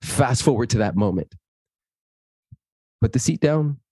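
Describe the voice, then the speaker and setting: A man's voice: medium pitch, measured pace, slightly rough, dry recording, studio quality. A man, a guest in an interview, telling a personal story and acting out the dialogue in it. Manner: animated, acts out dialogue in his stories.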